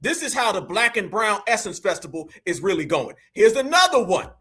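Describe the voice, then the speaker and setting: A man from the United States with a very high, piercing voice that carries real edge and brightness. He rants in heated reaction commentary, mocking and combative, repeatedly calling his audience fam. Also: big pitch swings, brisk, husky. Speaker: reaction channel host.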